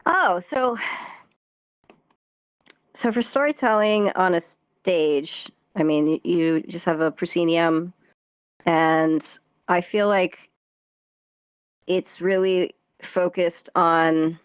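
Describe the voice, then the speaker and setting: A woman's voice: lowish voice, slow pace, pauses often, smooth, dry recording. Chatty woman, slightly muffled dry voice. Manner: chatty, laughs often, many fillers and restarts. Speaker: podcast guest, theatre performer and dance teacher. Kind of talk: casual podcast interview. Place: virtual reality social world voice chat.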